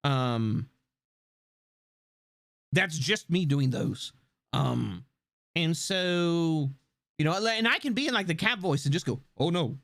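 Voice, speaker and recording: A theatrical male streamer with a gravelly, fry-laden voice that swoops up and down through a wide, lively pitch range. He chats casually with his audience in a dry, close-miked sound with no room echo. His voice sits somewhat high for a man. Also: slow, long pauses. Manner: theatrical, swoops between a bright stream voice and a low gravelly one. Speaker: live streamer. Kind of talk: casual live-stream chat answering chat.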